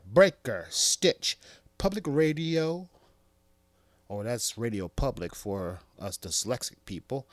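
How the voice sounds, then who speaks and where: Guy hosting a jokey podcast, bouncy pitch, dry close mic. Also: no room sound. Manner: jokey, animated, acts out little scenes. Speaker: podcast host. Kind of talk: comedic podcast monologue.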